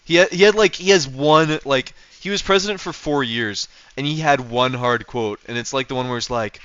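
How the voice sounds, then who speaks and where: A man's voice: mid-range voice, moderate pace, hardly any pauses, a bit bright, clean tone, lo-fi sound. A man from North America chatting casually on a livestream, rambling with lots of fillers and restarts. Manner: rambling, full of fillers and restarts, chuckling often. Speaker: streamer.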